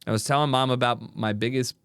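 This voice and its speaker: A man streaming casually, reacting out loud with swearing and frequent laughter. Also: mid-range voice, fast, clear, resonant tone, no echo, studio quality. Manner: animated, swearing, laughing often.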